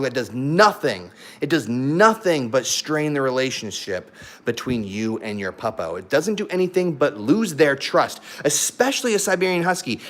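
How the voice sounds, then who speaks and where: Lively young man vlogging about his dogs. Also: mid-range voice. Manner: animated and loud at times, talks to his dogs mid-sentence. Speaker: vlogger, husky owner. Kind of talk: casual chat to camera.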